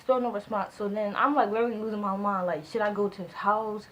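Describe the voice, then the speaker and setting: Animated young woman telling a storytime. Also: medium pitch, fast talker, a little hiss or hum, rough recording. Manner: animated, acts out both sides of conversations; heavy use of "like" as filler. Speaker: vlogger. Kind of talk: casual storytime.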